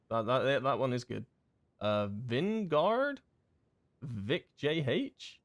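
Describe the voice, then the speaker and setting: A man's voice: mid-range voice, a bit bright, dry recording. Chatty man streaming a game, dry close sound. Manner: rambling and chatty, with many fillers and quick laughs. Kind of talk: casual live-stream chat while gaming.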